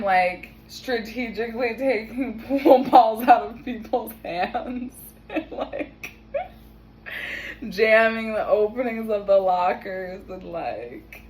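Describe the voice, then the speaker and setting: A woman's voice: medium pitch, darkish tone, rough recording. Young woman, casual storyteller, laughs a lot, swears, faint background noise. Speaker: vlogger. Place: home kitchen.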